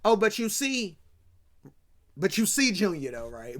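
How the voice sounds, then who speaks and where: Give me a slangy movie recap host ranting with a very lively, swooping voice. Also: mid-range voice, measured pace. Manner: slangy, acts out characters' lines; swings between hushed asides and loud bursts. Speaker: host of a movie commentary channel. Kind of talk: animated film recap rant.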